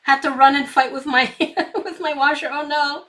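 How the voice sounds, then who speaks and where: A woman's voice: high voice, steady tone, normal speed, a bit bright. A woman hosting a live painting stream, chatting to herself and her viewers and giggling often as she works. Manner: reads viewer comments aloud. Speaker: craft stream host. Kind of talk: live painting tutorial chat.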